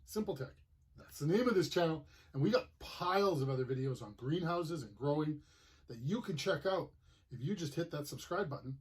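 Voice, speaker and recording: A man's voice: a little high, darkish tone, breathy edge. A man from Manitoba hosting a gardening channel, talking in a chatty, plainspoken way and telling stories. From Manitoba, Canada. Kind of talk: casual explanatory vlog.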